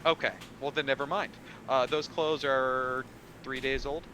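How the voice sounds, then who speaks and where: A man playing a tabletop game, chatting casually and hesitantly while he thinks out loud. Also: medium pitch, fairly even intonation, a little slow, a little hiss or hum, low-quality recording. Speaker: player.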